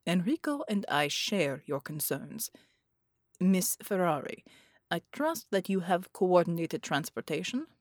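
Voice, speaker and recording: A woman putting on a grave male scientist spirit for an audiobook who speaks low and slowly with formal poise. Each word is measured. The recording is dry and close. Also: big pitch swings, dry recording.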